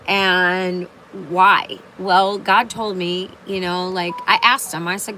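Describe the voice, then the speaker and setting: A woman's voice: lowish voice, level tone, slow pace, few pauses, sharp tone, slight background noise, poor audio. An older woman talking on a casual livestream in a rambling way, with many fillers and restarts. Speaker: live streamer.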